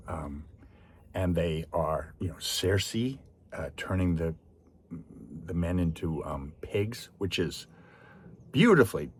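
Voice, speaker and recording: A man's voice: sits low, a little hiss or hum. A man giving a chatty, digressive film review in which he animatedly retells the story. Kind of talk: casual spoken review.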